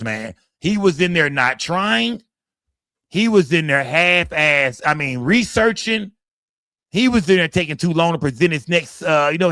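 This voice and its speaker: A man hosts a livestream, rambling through heated commentary with plenty of profanity and shout-outs. His voice sits a bit high for a man. The sound is dry and close, with almost no room in it. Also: no room sound. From Dallas, Texas. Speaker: livestream host. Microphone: streaming setup, close mic.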